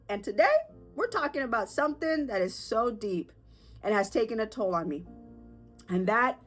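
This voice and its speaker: A woman in her thirties, perhaps with a lilt, hosting a personal podcast in an earnest, emotional way, with halting restarts and fillers. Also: fairly high pitch, fairly bright tone. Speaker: podcast host.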